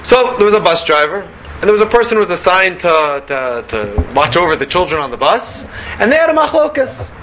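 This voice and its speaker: A man giving an animated Torah lecture, full of rhetorical questions and Hebrew and Yiddish terms. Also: high voice, a little fast, a little hiss or hum. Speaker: rabbi giving a Torah talk.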